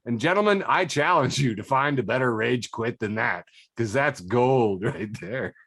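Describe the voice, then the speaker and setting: A man's voice: medium pitch, animated, moderate pace, fairly bright tone, breathy edge, dry recording, clean studio sound. A man hosting a casual podcast chat over a video call. He reads social media posts aloud, laughs often and puts funny voices on the quotes. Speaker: podcast host.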